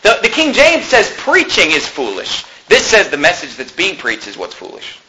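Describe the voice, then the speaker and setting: An American man preaching a sermon, animated and mocking, swinging between loud points and low asides. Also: moderate pace, a little hiss or hum, poor audio. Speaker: pastor.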